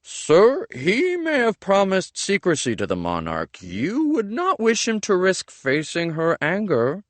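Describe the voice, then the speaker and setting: A man's voice: sits high, huge pitch swings, a little slow, dry recording, pitched above the performer's own voice, full character voice. A man reading an audiobook voices a young man posing as a humble servant, speaking meekly and deferentially. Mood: sly. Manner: falsely meek and deferential.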